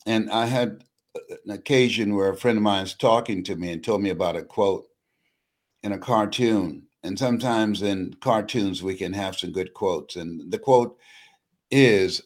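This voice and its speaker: A man's voice: on the low side, normal speed. An older man, a motivational speaker, talking with a preacher-like cadence and repeating words for emphasis. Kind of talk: motivational speech in an interview.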